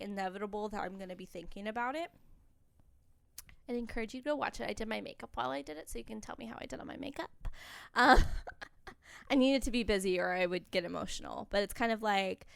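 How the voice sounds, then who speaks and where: A young woman talks candidly on a podcast, rambling a little and laughing often as she goes. Her voice is smooth and clear at a middle pitch. The sound is dry and close to the mic. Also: fairly bright tone, dry recording. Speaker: podcast co-host. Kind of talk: casual chat.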